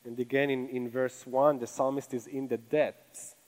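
A man's voice: medium pitch, little pitch movement, moderate pace, darkish tone, poor audio. A man with a non-native English accent preaching a sermon from a church stage, earnest and conversational, with many rhetorical questions. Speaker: pastor.

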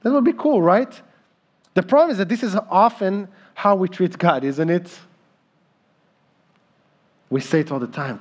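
A man in his thirties preaching a sermon as pastor, slow and emphatic in delivery. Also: sits high, a little mellow.

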